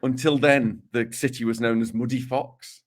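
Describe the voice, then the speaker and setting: A man's voice: medium pitch, fairly even intonation, moderate pace. A man with a Dudley accent, co-hosting a podcast in casual chat and reading listener letters aloud with playful emphasis. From West Midlands, England. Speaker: podcast co-host.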